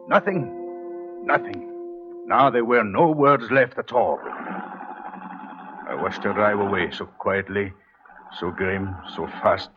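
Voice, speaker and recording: A man playing the leading husband and narrator in a 1940s radio drama, talking in a hushed, intense, pleading way. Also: mid-range voice, exaggerated voice. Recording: dull 1940s radio broadcast with faint music.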